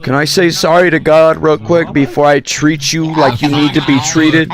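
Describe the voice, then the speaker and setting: A man streaming himself in a social game, trolling other players with loud yelling and nonsense scat syllables. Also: on the high side, little pitch movement, moderate pace, a crowd in the background, rough recording. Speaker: VRChat streamer.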